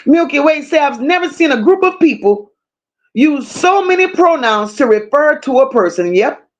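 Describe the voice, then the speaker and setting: Blunt, high-voiced woman livestream host. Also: sing-song, moderate pace, muffled recording. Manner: blunt, emphatic, greets viewers by name. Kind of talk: casual livestream commentary reading chat.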